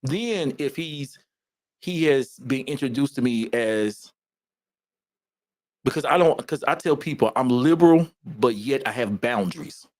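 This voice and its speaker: A man co-hosting a casual podcast about faith, talking in a lively, emphatic way and often repeating himself. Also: medium pitch, measured pace, no echo. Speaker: podcast co-host.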